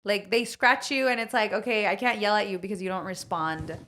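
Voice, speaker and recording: A young woman with a bright, crisp voice talks casually on a podcast. She is blunt and jokey, and she swears easily. Her pitch is average for a woman. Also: fairly even intonation, brisk. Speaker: podcast co-host. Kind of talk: casual chat.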